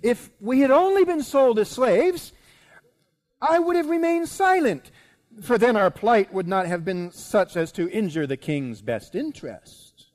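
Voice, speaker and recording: A man's voice: high-pitched, expressive, unhurried, darkish tone, voice pushed up. A preacher playing a desperate queen who pleads urgently for her people's lives. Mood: pleading. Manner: impassioned, pleading. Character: desperate pleading queen, woman, young adult.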